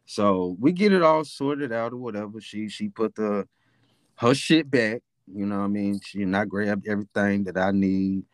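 A man's voice: on the low side, normal speed, clear, resonant tone, no room sound, studio quality. A young man with a Memphis accent, casually telling a profane, rambling story as a podcast host. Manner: laid-back, profane, rambling with fillers.

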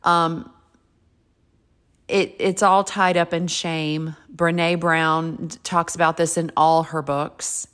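A woman's voice: sits low, little pitch movement, slow, fairly bright tone. A woman in her fifties telling a candid personal story and giving advice in a frank, chatty way, with casual swearing. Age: 50s.

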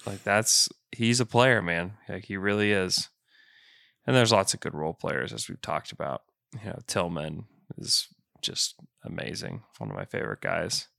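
A man hosting a casual podcast chat, quick and enthusiastic, loose with filler words. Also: sits low, expressive, vocal fry, pushed and bright, no room sound, studio quality. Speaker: podcast host.

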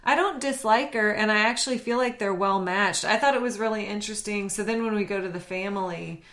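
A woman's voice: mid-range voice, fairly quick, a bit bright. A woman co-hosting a casual podcast chat, giving dry, snarky commentary while recapping a TV show. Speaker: podcast co-host.

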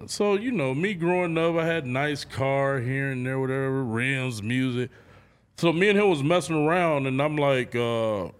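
A man in a casual interview, telling stories with animated, acted-out reactions and free swearing. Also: mid-range voice, normal speed, clean tone. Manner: animated storytelling, acts out his own reactions in a raised voice, swears freely. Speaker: content creator guest.

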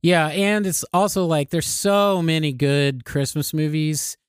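A man's voice: on the high side, steady tone, a little slow, clean tone, dry recording, studio quality. A man co-hosting a podcast, talking casually and upbeat, laughing often and restarting his sentences. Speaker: podcast co-host.

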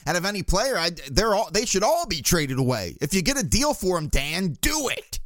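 A man's voice: sits high, very animated, brisk, a bit bright, dry recording. A man hosting a sports podcast, talking casually and sarcastically and mimicking the people he complains about. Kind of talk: casual sports talk monologue.

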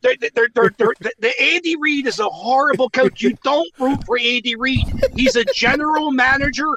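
A high-pitched, bright-voiced man from Philadelphia phones in as a sports superfan. He trash-talks with loud, gleeful bravado, calling in from outdoors in the woods. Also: moderate pace, a little hiss or hum, poor audio. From Philadelphia, USA. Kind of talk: casual phone call banter.

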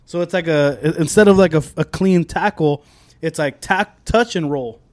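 Higher-voiced man, laughing often. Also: no echo. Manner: laughs often, quick interjections. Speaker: podcast co-host. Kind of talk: casual chat over beers.

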